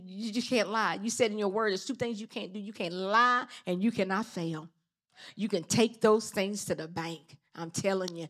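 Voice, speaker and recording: A woman preaching a sermon, exhorting her listeners with fervent, repetitive calls. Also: medium pitch. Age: adult with children.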